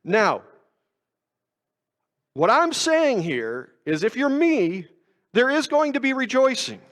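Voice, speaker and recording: A man's voice: very high voice, sing-song, slow pace, a bit bright. A man preaching a sermon in a conversational, self-mocking way, asking his congregation rhetorical questions. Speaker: pastor. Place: church sanctuary. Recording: long church reverb.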